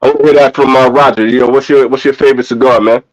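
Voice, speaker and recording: A man's voice: medium pitch, steady tone, fast, poor audio. A man who runs a cigar channel, chatting casually with heavy slang and a hyped, supportive manner. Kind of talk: casual chat on a video call.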